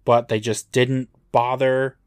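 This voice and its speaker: This man co-hosts a podcast and recaps a TV episode in casual conversation, his tone dry and matter-of-fact. His mid-range voice stays flat, with a slow, smooth delivery.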